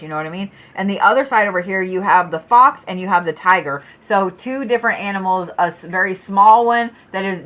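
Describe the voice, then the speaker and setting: A woman's voice: lowish voice, fairly bright tone. Blunt, casual woman reading tarot. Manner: casual, blunt and profane, chatty with viewers; frequent fillers and restarts. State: yawning, tired. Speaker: tarot reader. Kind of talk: live tarot card reading.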